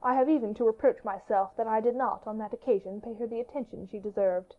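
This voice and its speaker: A woman's voice: fairly high pitch, fairly even intonation, quick pace, lightly acted. Woman voicing a commanding young king. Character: regal young male king, curious and commanding. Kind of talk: audiobook character reading. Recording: dull lo-fi audiobook recording.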